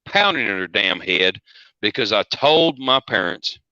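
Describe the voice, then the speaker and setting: A man's voice: on the low side, lively intonation, a little slow, bright, forceful tone, clean tone, no echo. A man calling in to a livestream, speaking bluntly and urgently. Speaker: call-in guest. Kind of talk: casual chat. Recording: dry, dull lo-fi call audio.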